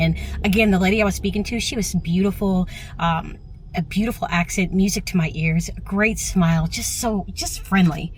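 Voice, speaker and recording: Her medium-pitched voice comes through with a little hiss or hum. She's a travel vlogger in a parked car in a parking lot, filming on a handheld phone and gushing enthusiastically in casual vlog chat.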